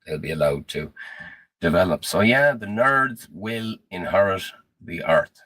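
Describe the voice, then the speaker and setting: Brief: low-voiced man, slow and grave conspiracy monologue, dry sound. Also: animated, bright, forceful tone, no echo.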